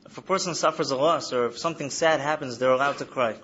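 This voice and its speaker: A man's voice: mid-range voice, quick pace, fairly bright tone, dull audio, slight background noise. A man in his thirties who speaks to a hall of students about coping trauma, in an earnest lecture style that repeats its key phrases. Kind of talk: lecture to an audience. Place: study hall.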